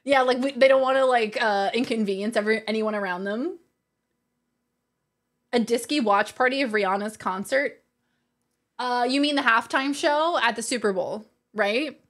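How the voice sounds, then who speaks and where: A woman's voice: on the high side, moderate pace, a bit bright. A woman livestreamer in casual chat, reading her viewers' messages aloud and laughing often.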